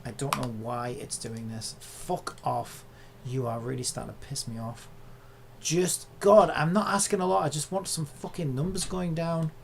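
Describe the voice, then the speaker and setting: A content creator talking casually while working at a computer, muttering and swearing at the software in exasperation. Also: mid-range voice, steady tone, normal speed, gravelly, a little hiss or hum.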